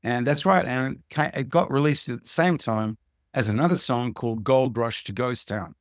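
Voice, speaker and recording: A man's voice: mid-range voice, normal speed, no room sound. Australian man chatting in a dry voice. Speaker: musician guest. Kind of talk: casual interview chat.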